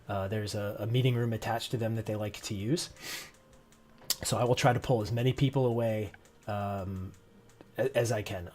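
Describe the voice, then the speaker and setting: A man's voice: fairly low pitch, a little mellow. A man narrating as game master for a tabletop game, hesitant with restarts. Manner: hesitant, many restarts and ums.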